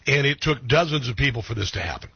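Male talk radio host, husky and dry, blunt opinions, halting delivery with lots of fillers. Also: mid-range voice, animated, no echo, dull audio. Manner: blunt, opinionated, many ums and restarts. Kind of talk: political talk radio commentary.

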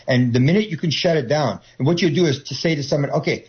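A man's voice: a little high, fast talker, few pauses, lo-fi sound. Rambling man with many restarts. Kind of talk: conversational explanation.

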